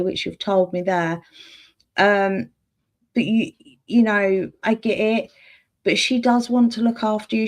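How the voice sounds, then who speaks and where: A woman gives tarot readings on a live stream. She talks gently and warmly to viewers, calling them sweetheart and darling, and laughs easily between cards. Her voice sits at a middle pitch. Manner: chats and laughs while reading. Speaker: tarot reader and clairvoyant.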